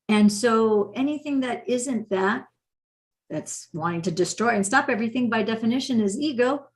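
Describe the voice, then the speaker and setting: A woman talks through meditation in a loose, conversational teaching voice at an ordinary pitch. She gets animated and acts out little inner conversations to make her point. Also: fairly quick. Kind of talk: casual spoken teaching.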